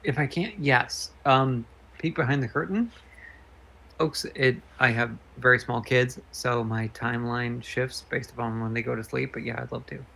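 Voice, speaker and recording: A man guests on a casual stream, retelling stories eagerly and turning aside to the audience. His voice is gravelly and full of fry. It sits at a middle pitch. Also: normal speed, sharp tone, rough recording. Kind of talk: casual chat.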